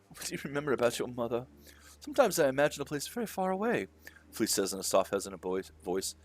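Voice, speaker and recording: A man's voice: fairly low pitch, animated. A young man playing through a game, reading every character's lines aloud with shifting voices and swearing at the twists. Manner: does quick voices for each character, swears. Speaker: let's play gamer. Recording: faint game music behind.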